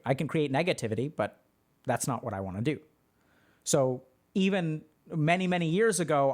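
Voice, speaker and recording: A man on a livestream, answering chat questions in a loose, chatty way full of fillers. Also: medium pitch. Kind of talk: casual livestream talk.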